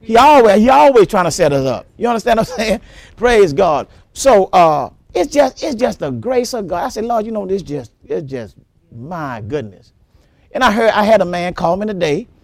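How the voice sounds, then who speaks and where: High, lively preaching pastor. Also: male voice, fairly quick, no room sound. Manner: animated preaching, repeats words, laughs often, exclaims praise. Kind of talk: sermon.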